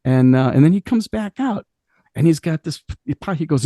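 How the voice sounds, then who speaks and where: A middle-aged rock singer from Cleveland, spinning stories in a loose, profane way and laughing as he goes. His voice is gravelly with a warm, dark tone. The sound is dry and close, with no room echo. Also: fairly high pitch, moderate pace. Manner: animated, profane, laughs often while telling stories. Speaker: rock singer, interview guest. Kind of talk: casual interview storytelling.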